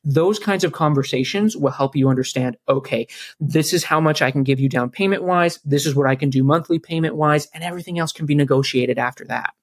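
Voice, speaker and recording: A man's voice: on the high side, fairly quick, no echo. A man from South Carolina, a guest on a podcast, earnestly giving step-by-step advice. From South Carolina, USA. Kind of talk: casual podcast interview.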